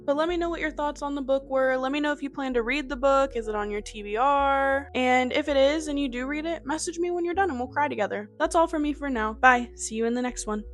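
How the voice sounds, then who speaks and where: A woman giving a casual, emotional book review, chatty and full of "like", laughing through tears. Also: sits high. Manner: chatty, with many fillers of "like".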